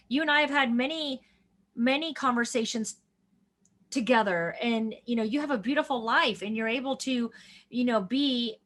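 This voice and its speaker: High-voiced woman telling an earnest story. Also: fairly bright tone. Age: 40s. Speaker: guest doctor. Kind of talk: conversational interview.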